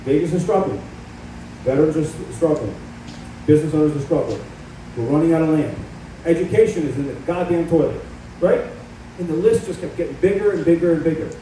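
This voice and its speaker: Speaking with a high-leaning but dark, mellow voice, a middle-aged candidate tells combative stories of his own struggle in a big hall. He talks a bit quickly and pauses often. The distant mic and strong room echo leave him sounding remote, with faint ambience and a touch of hiss or hum beneath.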